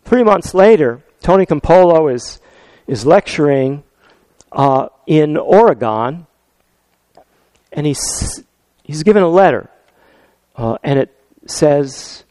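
A male pastor preaching a sermon, telling stories with lively swings from loud to soft. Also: sits high, a little slow, dry recording. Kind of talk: sermon with storytelling.

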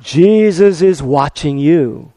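A man doing a slow, deadpan parrot. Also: on the high side, no room sound, clean studio sound. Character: deadpan male house parrot, sly.

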